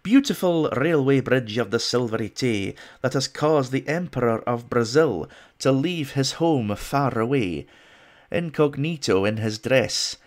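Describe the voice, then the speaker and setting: A man's voice: medium pitch, voice pushed up, natural voice. A man putting on a Scottish accent to play a pompous Victorian poet, reciting verse in a grand, sing-song way. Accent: put-on Scottish. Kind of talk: dramatic poetry recital.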